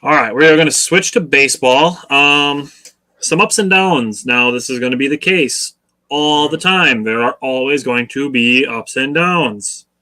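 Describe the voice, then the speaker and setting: A man with a bright, slightly tense voice co-hosts a casual sports talk show. He explains things in a measured, patient way and nudges his listeners toward a level-headed view. His delivery stays conversational. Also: mid-range voice. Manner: measured, explanatory, coaching listeners to stay even keel. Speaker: podcast co-host.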